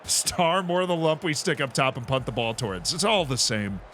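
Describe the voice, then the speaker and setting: A man with a bright, forceful voice streams a sports management game live. He chats loosely, reacts to plays and answers his chat, with faint game music underneath. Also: a little high, animated, moderate pace. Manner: chatty, reacts to the match and reads out chat. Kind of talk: live gameplay commentary.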